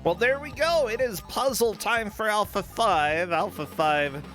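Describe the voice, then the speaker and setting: A man's voice: high voice, a little slow, faint music behind. A man hosting a casual game stream, commenting playfully on the action and cracking jokes. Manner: playful, jokey, animated. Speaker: stream host.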